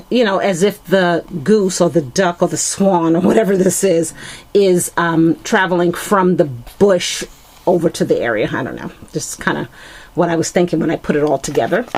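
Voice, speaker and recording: A woman talks through her craft projects in a relaxed show-and-tell. Her voice sits a little low for a woman. She fills pauses with ums and corrects herself as she goes. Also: a little hiss or hum. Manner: chatty, frequent fillers and self-corrections. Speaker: craft vlogger.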